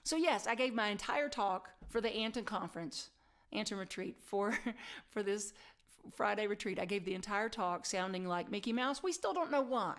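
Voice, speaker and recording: A middle-aged woman pastor preaching in a chatty, self-deprecating way, sometimes dropping to a soft whisper for emphasis. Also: mid-range voice, moderate pace. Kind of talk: sermon.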